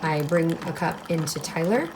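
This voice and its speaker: A woman's voice: low-pitched, lively intonation, moderate pace, noisy background. A young woman in her twenties talks casually to her camera while getting ready in a small room at home. She sounds tired and rambles from one thought to the next, with frequent laughs mixed into her chat. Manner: chatty and rambling, laughs often. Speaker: beauty vlogger.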